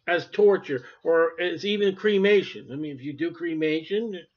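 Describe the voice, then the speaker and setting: A man preaching a sermon with emphasis, swinging between loud declarations and quiet asides. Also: fairly high pitch, normal speed. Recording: dull lo-fi recording.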